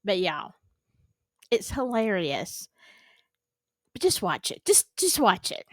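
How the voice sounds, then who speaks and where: A woman with a Southern US accent hosting a casual reaction video, chatty and animated, laughing often and repeating herself. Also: mid-range voice, slow pace. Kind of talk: casual chat reacting to clips.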